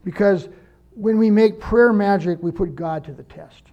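A man's voice: sits high, moderate pace, vocal fry, mellow, lo-fi sound. An older man preaching a conversational sermon, earnest and personal, telling stories to make his point. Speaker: pastor.

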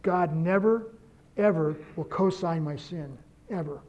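A man preaching a sermon, quoting scripture and telling a story with lively emphasis and self-corrections. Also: a little high, unhurried, muffled recording. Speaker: pastor.

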